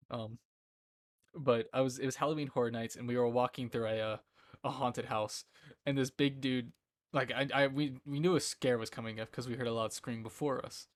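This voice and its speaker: A man's voice: medium pitch, steady tone, normal speed, pauses often, no room sound. Giggly young man rambling on stream. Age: 20s. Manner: giggly, rambling, often breaks into laughter. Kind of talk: casual chat. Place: indoor room at home.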